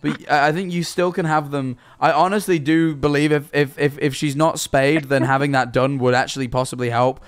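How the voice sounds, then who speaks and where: A man's voice: fairly high pitch, fairly even intonation, a little fast, hardly any pauses, clear, resonant tone. A young man from England hosting a casual live stream, answering viewer calls with rambling, stammering chat and casual swearing.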